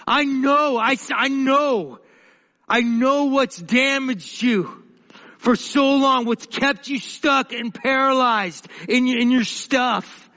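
A man preaching a sermon as pastor, passionate and halting, often restarting his sentences. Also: very high voice, bright, forceful tone, long reverb tail.

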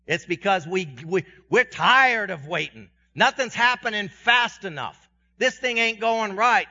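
A pastor preaching a sermon to his congregation in a conversational way, with self-deprecating humor, his voice swinging from loud and high to quiet and low. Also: gravelly. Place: church sanctuary. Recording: dull sound with long reverb in a church hall.

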